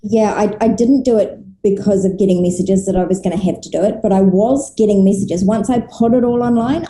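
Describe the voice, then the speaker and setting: A New Zealand woman speaks as a podcast guest, earnest and reflective, often restarting her words as she thinks. Her voice is very dark and mellow. The sound is roomy, with a noticeable echo around her. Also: on the low side. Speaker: guest, author and business coach. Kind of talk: casual interview chat.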